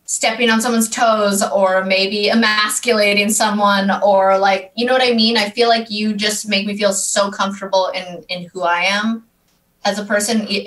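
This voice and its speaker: Bright-voiced Canadian woman. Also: mid-range voice, poor audio. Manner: candid, animated, laughs easily. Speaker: guest. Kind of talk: casual podcast chat.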